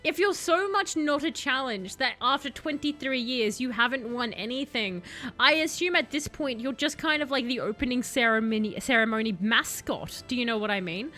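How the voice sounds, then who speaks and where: A woman's voice: on the high side, normal speed, sharp tone, soft background music. A woman streamer chatting sarcastically through her first playthrough of a game, joking at the story. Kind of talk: first-playthrough gameplay commentary.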